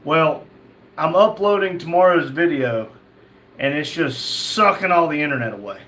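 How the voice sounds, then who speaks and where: A man's voice: fairly high pitch, lively intonation, normal speed, fairly bright tone. Easygoing man reading live chat. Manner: reads chat names aloud, chatty and easygoing. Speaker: livestream host reading chat. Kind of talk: casual live-stream chat.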